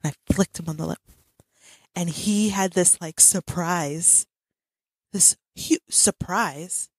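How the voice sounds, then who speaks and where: A woman's voice: on the low side, slow pace, husky, dry recording. A woman in her thirties hosting a podcast, telling a family story in casual chat with lots of laughter. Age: 30s. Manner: animated storytelling with frequent laughs. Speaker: podcast host.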